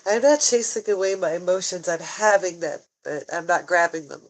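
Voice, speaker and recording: A woman talking tearfully in a personal vlog, halting and sighing often, frank and swearing at times. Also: fairly low pitch, rough recording. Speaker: vlogger.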